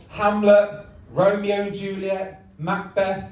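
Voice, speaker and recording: A young man doing a stand-up comedy set in a comedy club, deadpan and self-mocking. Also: sits high, slow, slight background noise. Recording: echoey club from far off.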